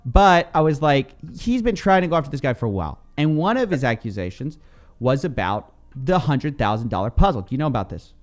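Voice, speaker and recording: A man co-hosting a podcast in casual chat, teasing and animated. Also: medium pitch, fairly quick. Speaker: podcast co-host.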